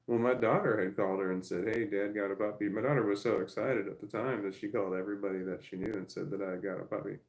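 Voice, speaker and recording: Middle-aged man, gravelly and lowish, rambling casual vlog storytelling with frequent swearing. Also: steady tone, fast, few pauses, poor audio. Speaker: vlogger.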